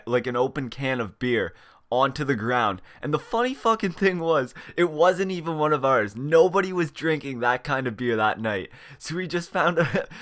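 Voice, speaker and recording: A man's voice: medium pitch, fairly bright tone. A young man casually telling a storytime, swearing freely and chuckling as he goes. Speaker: channel host.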